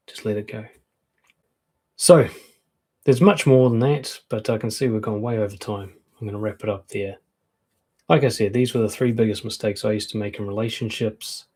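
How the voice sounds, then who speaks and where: A man talks through relationship advice in a relaxed, frank coaching manner, slipping into short acted-out comebacks. His voice sits on the low side and has a husky, slightly rough edge. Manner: frank, conversational, acts out quoted comebacks. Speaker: dating and confidence coach. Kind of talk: casual advice talk to camera.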